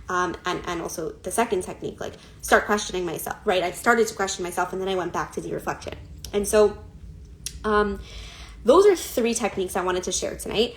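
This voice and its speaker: A woman's voice: medium pitch, fairly bright tone. Chatty woman coach, filler-heavy talk. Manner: chatty, many fillers and laughs. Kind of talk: Instagram live talk.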